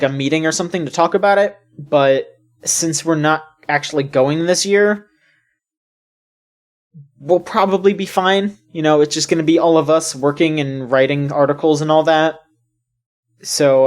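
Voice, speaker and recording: A woman's voice: sits low, moderate pace. A woman co-hosting a casual video game podcast, rambling with lots of fillers and restarts. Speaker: podcast co-host.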